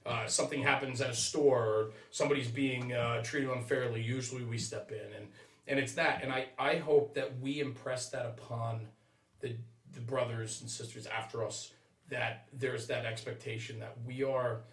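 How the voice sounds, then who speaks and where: A firefighter reflecting earnestly in a casual podcast discussion, with lots of filler words. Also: male voice, mid-range voice, steady tone, moderate pace, a bit bright. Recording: roomy sound, distant from mic.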